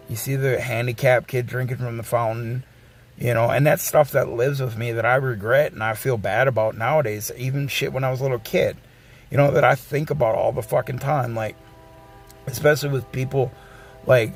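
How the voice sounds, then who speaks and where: A man's voice: medium pitch, creaky. A man in his forties, a streamer, ranting bluntly and casually, swearing and circling back with restarts. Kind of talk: casual rant.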